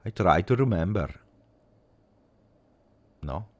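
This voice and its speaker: A man's voice: deep voice, lively intonation, takes it slowly. A man hosting a fan channel, chatting casually on a livestream, rambling with fillers and self-corrections.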